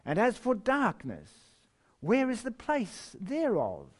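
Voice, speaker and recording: A man preaching a sermon and reading scripture, slow and emphatic, with wide swings in pitch and loudness and the odd chuckle. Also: wildly swooping pitch. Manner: chuckles now and then.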